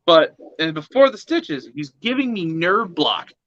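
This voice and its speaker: A man's voice: on the high side, very animated, measured pace, a bit bright, highs cut off. A man telling a long profane story at an open mic, rambling with many fillers and acting out the other people's lines.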